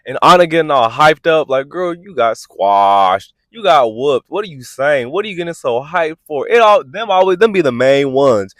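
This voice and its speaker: A man hosting a reality TV review vlog, talking in a sassy, animated way and acting out quotes in exaggerated voices. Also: on the high side, dry recording. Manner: animated, sassy, quick asides. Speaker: host.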